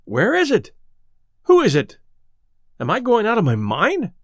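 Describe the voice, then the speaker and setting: A man reading aloud, voicing an angry, rough-haired male lawyer who speaks sharply and indignantly. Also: high voice, big pitch swings, moderate pace, no echo, clean studio sound. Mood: agitated.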